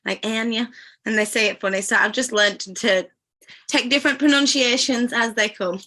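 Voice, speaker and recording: A woman's voice: fairly high pitch, fairly even intonation, moderate pace, sharp tone, a little hiss or hum. A woman from Yorkshire with a Yorkshire accent, a friendly, easygoing guest in a casual spiritual chat. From Yorkshire, England. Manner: friendly, easygoing, calls people sweetie.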